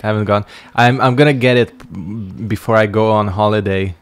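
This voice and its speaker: A man's voice: lowish voice, fairly even intonation, moderate pace. A male streamer giving casual gameplay commentary, making wry jokes and yawning as he plays. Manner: wry, joking asides while playing. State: sleepy, yawning.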